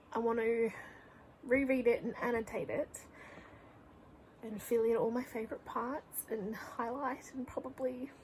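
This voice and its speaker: A woman's voice: fairly high pitch, darkish tone, a little hiss or hum, rough recording. A young woman chatting casually in a reading vlog at home, gushing and rambling, often dropping to a whisper. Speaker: book vlogger. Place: home room.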